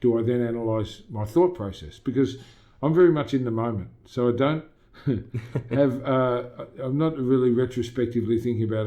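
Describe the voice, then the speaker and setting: Middle-aged aussie guy, warm mellow voice, chatty, keeps quoting himself. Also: medium pitch, moderate pace. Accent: Australian. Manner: emphatic, motivational, quotes himself often. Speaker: gym owner, podcast guest. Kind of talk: casual interview chat.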